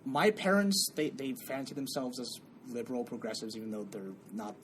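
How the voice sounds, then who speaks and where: A man's voice: mid-range voice, very animated, brisk, a little hiss or hum. A man co-hosting a podcast, chatting casually with fillers and frequent laughs. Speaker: podcast co-host. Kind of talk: casual chat.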